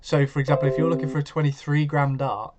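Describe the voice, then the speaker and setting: A man's voice: a little high, flat delivery, fast talker, highs cut off, noisy background. A man hosting a live stream, chatting casually and answering viewers' comments as he goes.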